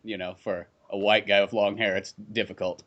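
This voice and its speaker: A man co-hosting a comedy podcast, telling animated stories in casual chat and slipping into put-on voices. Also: lowish voice, normal speed, lo-fi sound. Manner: animated storyteller, slips into put-on character voices. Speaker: podcast co-host.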